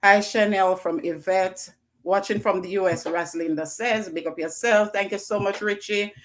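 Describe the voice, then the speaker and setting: A Jamaican woman hosts a live stream, calling out viewers' names as they join. She speaks with an effusive, repeating way of talking, at a middle pitch for a woman. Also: steady tone, moderate pace. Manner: effusive, greets viewers by name, repeats phrases. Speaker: livestream host.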